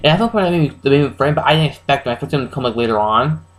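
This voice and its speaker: A man giving a casual, rambling, spoiler-heavy recap of a horror film as a reviewer, excitable and full of restarts. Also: medium pitch, rapid-fire, low-quality recording.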